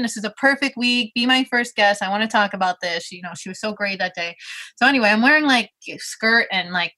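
A woman talks as a podcast guest, her voice bright and forward. She rambles in a chatty way, peppering sentences with "like" and "you know.". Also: medium pitch. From New York. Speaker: jewelry designer guest. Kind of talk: casual podcast chat.

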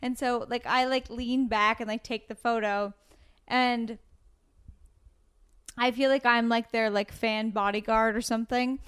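A woman's voice: a little high, steady tone, measured pace, fairly bright tone, clear, resonant tone. A woman comedian, a podcast guest, chatting casually and poking fun at herself. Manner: self-deprecating, chatty. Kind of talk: casual chat.

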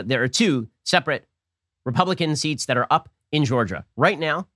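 Rapid-fire sarcastic male political commentator. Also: fairly high pitch, fairly bright tone, no echo, studio quality. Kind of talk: fast-paced political commentary monologue.

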